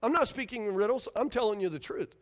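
High-voiced emphatic preacher. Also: male voice, expressive, fast talker. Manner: emphatic preaching, rhetorical questions to the congregation. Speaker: pastor. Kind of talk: sermon.

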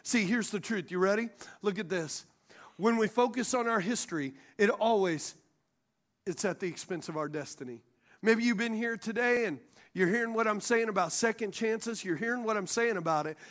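A male pastor with an unusually high voice delivers a sermon from the stage microphone. He jokes and pulls the congregation into call-and-response. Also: normal speed, fairly bright tone. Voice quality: high voice for a man. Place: church sanctuary.

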